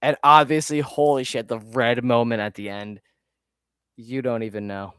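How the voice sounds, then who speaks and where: On a live stream, a man ranks his own videos, rambling, getting easily sidetracked and swearing often. His medium-pitched voice is a bit bright, clear and resonant, with fairly even intonation and a moderate pace. The audio is studio quality with no room sound.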